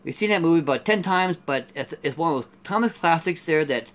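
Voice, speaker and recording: A man's voice: on the high side, lively intonation, a little fast, a bit bright. A middle-aged man from Canada doing a casual unboxing review of collectible figures. He rambles and keeps saying "there" and "here".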